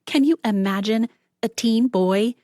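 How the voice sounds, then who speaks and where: A woman voicing a cheerful, brash young barista who chatters on, a little higher than her narrating voice. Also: measured pace, dark tone, no room sound, clean studio sound, lightly acted. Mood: chatty. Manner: bubbly, brash, talkative.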